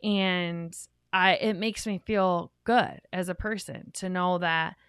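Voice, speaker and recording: A woman's voice: on the low side, fairly even intonation, slow pace, a bit bright, smooth, dry recording, studio quality. A woman co-hosting a couples podcast, telling a long, rambling story in a chatty way. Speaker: podcast co-host. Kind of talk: casual podcast talk.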